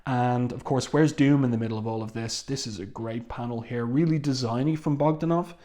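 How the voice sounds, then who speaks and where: Comic reviewer, male, mid pitch, casual and halting with lots of ums. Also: mellow. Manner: halting, with many ums and restarts. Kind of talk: casual read-along review.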